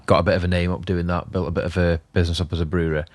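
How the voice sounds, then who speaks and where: A low-pitched man chats on a podcast in an easygoing, agreeable way. He adds his own stories in local slang. The recording is dry. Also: little pitch movement, very fast, darkish tone, no room sound. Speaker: podcast co-host. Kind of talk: casual chat. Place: indoor podcast studio.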